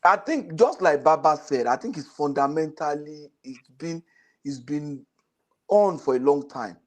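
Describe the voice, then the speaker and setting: A man's voice: fairly high pitch, animated, unhurried, darkish tone. A middle-aged man, chatting on a panel and telling jokes and stories, laughing at his own punchlines. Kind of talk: casual panel chat.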